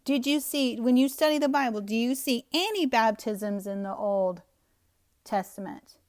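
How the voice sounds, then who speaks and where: Female Bible teacher, higher-pitched voice, scornful and emphatic commentary. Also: animated, normal speed. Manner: scornful, emphatic, laughs at the text. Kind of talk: scriptural commentary to viewers.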